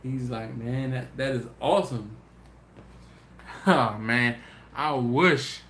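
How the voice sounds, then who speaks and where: A tired man hosting a casual livestream, telling stories in a lively way and doing voices for his friends. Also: medium pitch, slow. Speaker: BBQ channel host. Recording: echoey room with faint noise.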